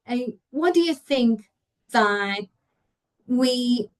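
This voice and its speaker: A woman's voice: fairly high pitch, low-quality recording. Woman leading an English webinar. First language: Spanish. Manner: explanatory, checks in with audience. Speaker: English teacher trainer. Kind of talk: online teaching webinar.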